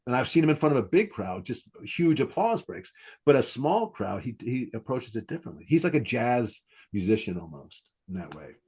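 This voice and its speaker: A man's voice: mid-range voice, sing-song, normal speed, darkish tone, breathy edge. A man hosting a podcast about stand-up comedy, talking casually and animatedly, acting out quoted lines. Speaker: comedy coach and podcast host.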